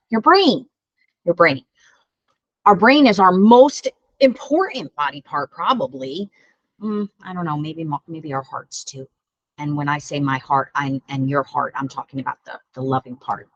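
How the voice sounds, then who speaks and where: A woman teaching children a mindful breathing lesson, gentle and encouraging, laughing at herself when it goes wrong. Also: low-pitched, no echo, rough recording. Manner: gentle, encouraging, self-deprecating. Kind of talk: guided breathing lesson for kids.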